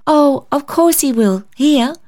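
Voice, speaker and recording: A woman's voice: high-pitched, expressive, slow, a little mellow, voice pushed up. A woman voicing an eager, sweet little girl in a storybook reading.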